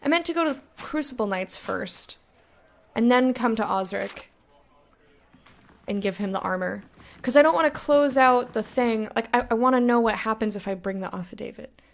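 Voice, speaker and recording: An American woman streaming a game, chatting casually with her viewers, self-mocking and quick to laugh. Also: a little high, creaky. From United States. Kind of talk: casual gameplay commentary, reading chat.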